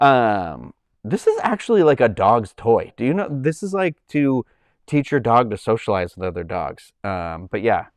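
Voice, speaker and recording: A man's voice: medium pitch, animated, normal speed, clear, resonant tone, no room sound. A man hosting a casual livestream from home, rambling loosely with lots of likes and ums. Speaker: livestream host. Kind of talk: casual chat.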